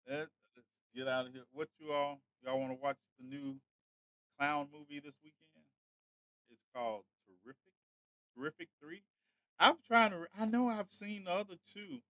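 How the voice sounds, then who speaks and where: A man's voice: on the high side, expressive, normal speed, pauses often, sharp tone, no room sound, muffled recording. A man hosting a casual livestream, chatting straight to his viewers. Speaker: livestream host.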